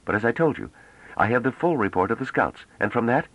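A man's voice: medium pitch, sing-song, fast talker, a bit bright, breathy edge, no room sound, dull audio, full character voice. A man voicing a stern, resolute woman leader in an audiobook, speaking firmly and with command. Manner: firm, commanding. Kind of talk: audiobook character reading.

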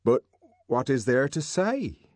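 A man's voice: mid-range voice, very animated, takes it slowly, a little mellow, dry recording, pitched above the performer's own voice. A man reading an audiobook, voicing a guarded young man who answers in hesitant questions. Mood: puzzled. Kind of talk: audiobook character voice.

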